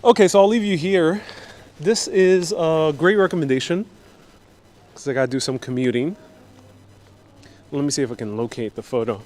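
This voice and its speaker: A man's voice: fairly high pitch, moderate pace, long pauses, darkish tone. A man hosting a live walking-tour vlog on city streets, chatty and joking as he talks straight to his viewers. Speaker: travel vlogger host.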